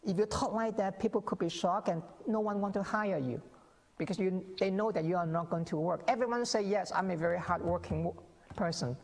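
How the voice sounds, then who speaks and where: A man's voice: high voice, fairly quick, a little mellow. A male guest scholar explaining his views in a TV interview, with many restarts and acted-out quotes. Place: TV interview set. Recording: long reverb on the voice.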